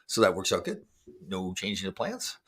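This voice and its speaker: Deep-voiced man in his sixties chatting. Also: big pitch swings, normal speed, a bit bright, husky. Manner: rambling, joking and self-deprecating. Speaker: show host. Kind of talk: casual livestream chat with viewers.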